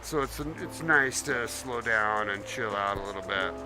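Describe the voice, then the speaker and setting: A man chatting casually on a live game stream, warm toward his viewers and sometimes talking about himself in the third person. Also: on the low side, a little slow. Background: background music.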